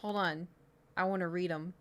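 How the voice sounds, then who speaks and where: A woman's voice: lowish voice, fairly even intonation, normal speed, fairly bright tone. Giggly, chatty woman streamer from Oklahoma. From Oklahoma, USA. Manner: giggly, self-mocking, chatty with many fillers. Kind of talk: casual chat reading old diary entries aloud.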